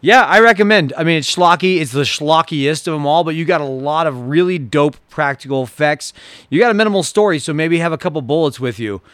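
A wisecracking man trades sarcastic jokes on a casual movie podcast. His voice sits slightly high for a man and sounds dry, close to the mic. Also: fairly quick, a bit bright, no echo. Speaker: podcast co-host. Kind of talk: casual movie review chat.

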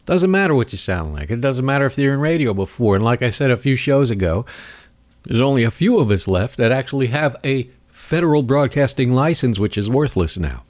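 A man's voice: mid-range voice, animated, a little fast. A man hosting a talk radio show, talking in a rambling, sarcastic way with mocking asides. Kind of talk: casual political talk radio monologue. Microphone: studio microphone.

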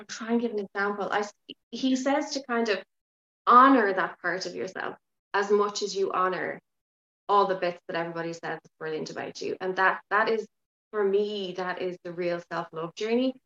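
A woman talking as a podcast guest in casual interview chat, frank and lively, swearing now and then. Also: medium pitch, echoey room, highs cut off. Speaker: podcast guest, yoga teacher.

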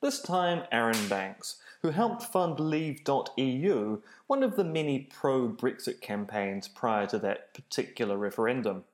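A man as a podcast guest, chatting with dry, deadpan humour. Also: medium pitch, measured pace, few pauses. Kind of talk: casual podcast chat.

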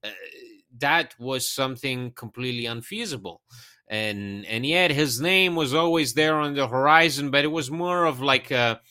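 A man's voice: mid-range voice, normal speed, pushed and bright, clean tone, no echo, studio quality. A man co-hosting a casual podcast, teasing at times and earnest when explaining, often restarting his words. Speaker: podcast co-host.

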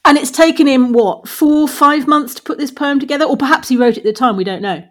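A woman's voice: high voice, fast talker. Teacherly woman explaining with playful energy. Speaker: podcast co-host. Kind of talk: casual chat.

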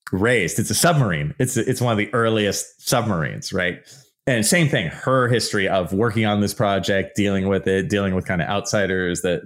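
A middle-aged man hosts his own podcast in a casual, lively monologue. His voice sits on the low side. He likes to act out silly mock quotes in put-on voices. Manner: animated, acts out mock quotes in goofy voices. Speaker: podcast host, archaeologist. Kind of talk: casual solo podcast talk.

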